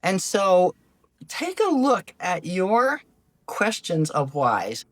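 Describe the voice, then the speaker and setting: An older woman hosting a solo talk as a life coach, gentle and animated, acting out the questions she quotes. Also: lowish voice, slow pace. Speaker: podcast host, life coach. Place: lives abroad in Ecuador.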